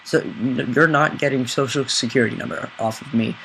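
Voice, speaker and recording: A man's voice: mid-range voice, fairly even intonation, fairly quick, creaky, pushed and bright, a little hiss or hum, low-quality recording. A man hosting a casual sports chat podcast, loosely steering the talk and running through plugs between jokes. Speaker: podcast host.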